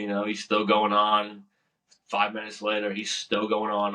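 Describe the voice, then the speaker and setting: Laid-back young man, bright voice. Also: fairly low pitch, monotone, moderate pace. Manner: laid-back, profane, laughs often. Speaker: Navy veteran guest. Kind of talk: casual storytelling. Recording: voice a bit far from the mic.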